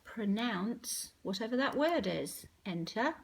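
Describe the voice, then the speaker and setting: A woman teaching a phonics lesson to children, sounding out words slowly and clearly. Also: a little high, animated.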